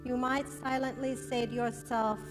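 A woman minister giving a sermon, then leading a slow, soothing guided breathing meditation at a church service. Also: fairly high pitch, flat delivery, long reverb tail, over music.

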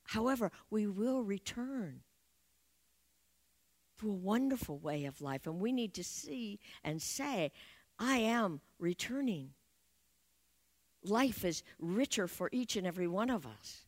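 A woman giving an Easter sermon as a spiritual teacher, speaking in slow, affirming and prayerful phrases. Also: medium pitch, animated, a little mellow.

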